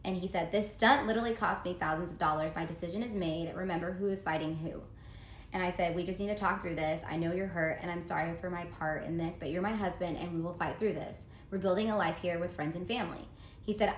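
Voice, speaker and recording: A woman's voice: medium pitch, quick pace. A woman telling her own story in a casual storytime monologue, earnest and confiding, reading out text messages as she goes. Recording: roomy echo, faint background noise.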